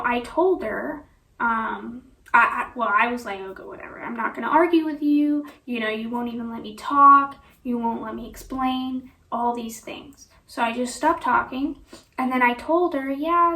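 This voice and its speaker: High-voiced woman rambling slowly. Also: a bit bright. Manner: rambling, full of "you know" and "like" fillers. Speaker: vlogger. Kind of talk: personal storytelling vlog. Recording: echoey room, voice from a distance.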